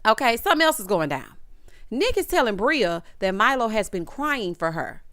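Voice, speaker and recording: A woman's voice: a little high, big pitch swings, normal speed, fairly bright tone, dry recording, clean studio sound. A woman giving a sassy, casual recap of a reality TV episode, mimicking the cast in changing voices.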